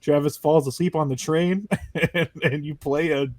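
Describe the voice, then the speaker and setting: A man's voice: a little high, fairly even intonation, moderate pace, a little mellow, no room sound. A man hosting a casual gaming podcast, telling stories animatedly and laughing often. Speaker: podcast host. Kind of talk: casual chat.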